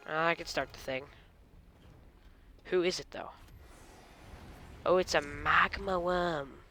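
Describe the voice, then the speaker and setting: A man giving live gameplay commentary, excitable and talking to himself and his enemies, with mock British slang now and then. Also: fairly high pitch, slow, soft background music. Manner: excitable, talks to himself and the enemies mid-fight. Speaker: gaming channel host.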